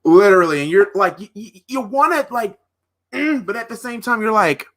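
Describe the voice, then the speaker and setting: A man reacting live on a watch-party stream, his voice bright and forward and sitting a bit high for a man. He rambles excitedly and piles up exclamations. His sentences often restart and trail off. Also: moderate pace.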